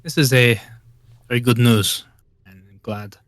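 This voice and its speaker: A man's voice: medium pitch, fairly bright tone, no room sound, lightly acted. A man playing a polite, diplomatic vampire. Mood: courteous. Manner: polite and diplomatic, a little halting. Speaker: player. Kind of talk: live-streamed tabletop role-play.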